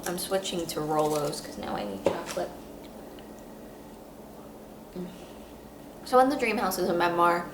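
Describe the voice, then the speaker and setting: A woman hosting a podcast, talking through a book review in an earnest, emotional way, halting with many restarts. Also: mid-range voice. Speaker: podcast host. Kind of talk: casual book review monologue. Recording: roomy echo, faint background hum.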